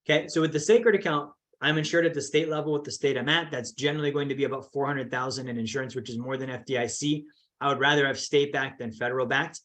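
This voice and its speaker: A man's voice: mid-range voice, steady tone, quick pace, fairly bright tone. A man teaching a finance course, emphatic and repetitive, often checking in with the listener. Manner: emphatic, repeats points with "okay" and "right". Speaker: financial educator. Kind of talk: explanatory course talk.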